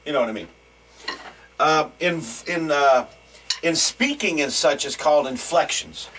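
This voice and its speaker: A man's voice: on the high side, unhurried, fairly bright tone, husky. A man teaching a drum lesson in a loose, rambling, joking way. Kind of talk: casual video lesson. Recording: distant mic with faint noise.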